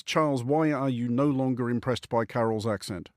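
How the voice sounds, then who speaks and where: An Australian man hosting a radio panel with a wry, teasing touch. His voice sits at a middle pitch. The recording is close and dry. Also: normal speed, few pauses, no room sound. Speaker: radio host. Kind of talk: hosting a radio panel, reading out press items.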